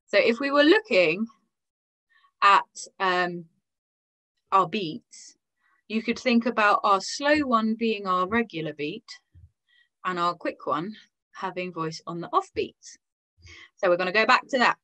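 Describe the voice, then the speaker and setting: An English woman teaching a relaxed online singing class. She speaks gently and encouragingly, at a middle pitch. She pauses to demonstrate consonants and rhythms out loud. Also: poor audio. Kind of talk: online vocal lesson.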